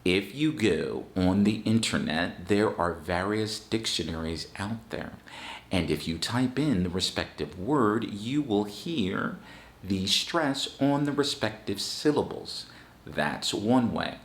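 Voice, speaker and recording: A man giving an online English lesson, talking slowly and deliberately with firm emphasis. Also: lowish voice, expressive, reverberant. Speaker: English teacher.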